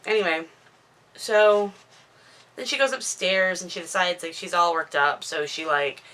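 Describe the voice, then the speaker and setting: Rambling, self-mocking woman with a low, bright voice. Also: unhurried. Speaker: author recapping her own book. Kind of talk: casual chatty book recap to camera. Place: at home indoors, dog nearby. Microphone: camera microphone.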